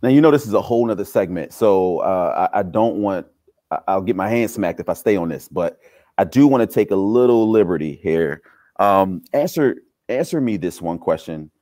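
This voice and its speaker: A man's voice: low-pitched, lively intonation, moderate pace, dark tone, no room sound, clean studio sound. A man hosting a podcast, asking reflective questions in a casual interview. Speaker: podcast host.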